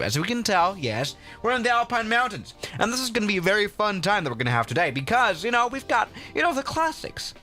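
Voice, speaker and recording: A man's voice: sits high, bright, forceful tone. A man hosting a casual flight-sim livestream, chatty and rambling, with lots of fillers and restarts.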